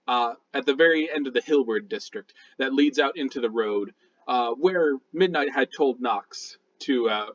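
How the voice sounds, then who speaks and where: A man's voice: medium pitch, fairly bright tone. A man narrating a tabletop game as dungeon master, rambling with lots of fillers and restarts. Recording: dull lo-fi sound.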